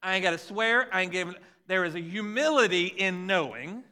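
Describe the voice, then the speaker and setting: A pastor in his forties gives a conversational, animated sermon, joking about his kids. His voice is high and he speaks a little fast.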